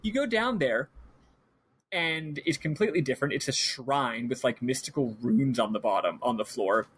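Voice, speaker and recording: A male podcast host in casual chat, telling a story animatedly and swearing freely as he goes. His voice sits in an ordinary middle pitch, and he slips quick paraphrased voices of the characters into his telling. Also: lively intonation, a bit bright, a little hiss or hum. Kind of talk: casual chat recapping a video game.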